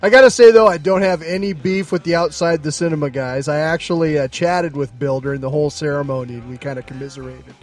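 A man's voice: a little high, steady tone, fast talker, hardly any pauses, faint music behind. A man co-hosting a podcast in a casual, easygoing chat. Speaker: podcast co-host.

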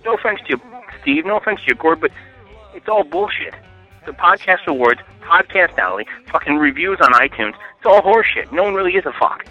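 Fast, ranting man on a voicemail. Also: a little high, very animated, dull audio, soft background music. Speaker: caller leaving a voicemail. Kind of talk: angry phone rant.

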